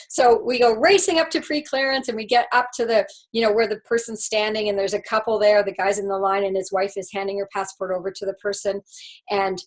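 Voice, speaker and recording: A woman coach telling a personal story in a lively, casual way, full of "like" and "you know". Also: mid-range voice, a little fast, rough recording. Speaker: life coach and speaker.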